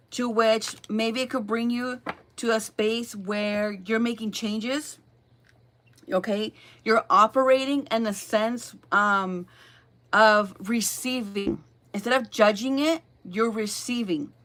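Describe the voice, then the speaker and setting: A woman giving a casual tarot reading, excitable and emphatic, repeating her phrases and swearing freely. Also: on the high side. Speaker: tarot reader.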